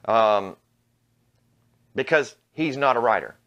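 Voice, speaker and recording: A man's voice: mid-range voice, expressive, slow pace, a bit bright, highs cut off. A man hosting his own channel, delivering a blunt, mocking, profane opinion rant. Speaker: vlog host. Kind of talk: ranting opinion commentary.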